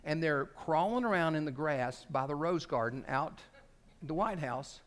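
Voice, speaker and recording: A man preaching with a lively, swooping voice that sits a little high. He talks to his congregation in a casual, animated way, slipping into quoted voices as he tells the story. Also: unhurried. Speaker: pastor. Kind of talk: sermon.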